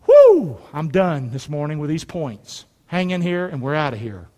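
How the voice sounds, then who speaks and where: A man's voice: fairly high pitch, lively intonation, moderate pace, a little mellow. A middle-aged male pastor preaching a sermon in a church, folksy and emphatic, pulling the congregation into call and response. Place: church sanctuary. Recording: long hall reverb.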